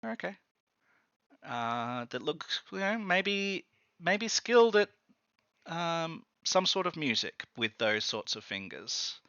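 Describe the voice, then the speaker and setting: A man's voice: on the high side, big pitch swings, slow pace, sharp tone, clean tone, dry recording, lo-fi sound. A man narrating a tabletop game as game master, hesitant and full of ums and restarts.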